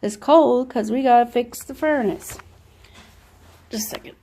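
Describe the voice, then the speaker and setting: A woman's voice: measured pace, warm tone. Chatty woman vlogging around her house. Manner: chatty, talks to her pets in a high baby voice. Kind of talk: casual home vlog. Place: house, indoors.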